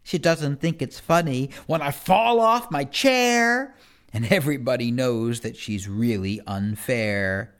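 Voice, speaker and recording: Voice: medium pitch, lively intonation, slow. A reader performing rhyming children's poems in a first-person kid's voice, with a playful sing-song delivery.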